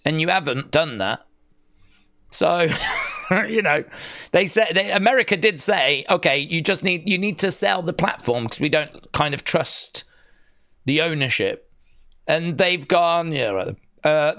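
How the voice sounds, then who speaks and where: A man's voice: fairly high pitch, gravelly, bright, forceful tone. A man streaming a watch-along, chatting casually and sarcastically while reading chat aloud. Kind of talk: casual live reaction chat.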